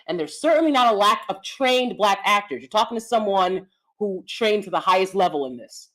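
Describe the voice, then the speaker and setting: A woman's voice: medium pitch, expressive, moderate pace, fairly bright tone. An American woman whose regional accent slips in and out of neutral speech. She gives emphatic opinion commentary, lecturing her viewers and hammering her points home. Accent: American regional accent mixed with neutral speech. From United States. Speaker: commentary vlogger.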